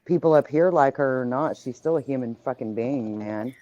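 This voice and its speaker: Woman, host, blunt, casual live panel chat, mellow, lo-fi audio. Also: rumbling low, moderate pace, no room sound. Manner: blunt, keeps the panel in line.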